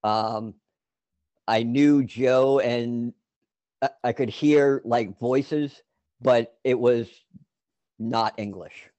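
A man's voice: mid-range voice, extremely slow, pauses often, warm tone, no echo. A man telling a long personal story in casual chat, rambling with many fillers and restarts.

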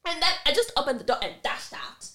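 A woman's voice: sits high, sing-song, brisk, fairly bright tone, roomy sound. A woman co-hosting a podcast, telling a story with drama and swearing, acting out the people in it. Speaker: podcast co-host. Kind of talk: casual chat, animated storytelling.

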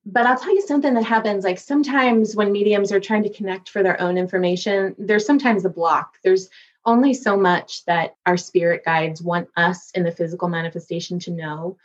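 A woman's voice: medium pitch, fairly quick, dull audio. A woman working as a medium, telling stories in an interview and acting out voices as she goes. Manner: animated storyteller, acts out voices. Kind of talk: podcast interview.

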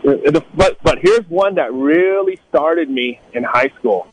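A middle-aged man from Northern California in a casual storytelling talk, animated, acting out the people he quotes in a higher voice. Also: measured pace, a little hiss or hum, rough recording. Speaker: guest telling life stories.

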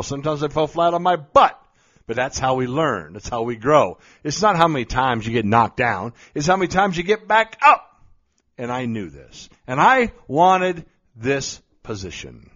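A man's voice: a little high, a bit bright. Blunt, emphatic male storyteller. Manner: blunt and emphatic, with mild cursing. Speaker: motivational speaker. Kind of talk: storytelling monologue. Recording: slightly dull lo-fi recording.

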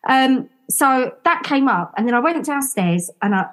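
A woman, telling her story as a podcast guest in a lively, expressive way and acting out what people said. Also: moderate pace. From London. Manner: animated, acts out quotes with big pitch jumps. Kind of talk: casual interview storytelling.

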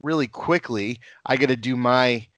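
A man hosting a podcast in easygoing chat, pitch sitting in the middle. He drifts through fillers and laughs readily. The sound is close and dry, with no room around it. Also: moderate pace, a bit bright, dry recording. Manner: laid-back, laughs often, many fillers. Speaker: podcast host.

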